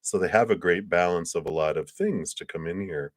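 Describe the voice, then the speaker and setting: Tarot reader, male, very low voice, gentle and reassuring, keeps clearing his throat. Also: fairly quick. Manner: gentle, reassuring, with soft laughs and asides. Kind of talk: live-stream tarot reading.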